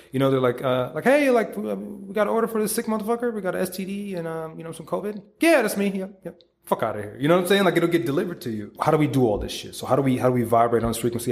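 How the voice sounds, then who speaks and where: A man hosting a podcast, giving a casual, profane motivational monologue and acting out quoted voices. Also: medium pitch. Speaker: podcast host.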